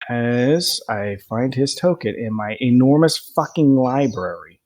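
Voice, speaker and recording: A young man narrating as game master, lively and quick to laugh. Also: mid-range voice.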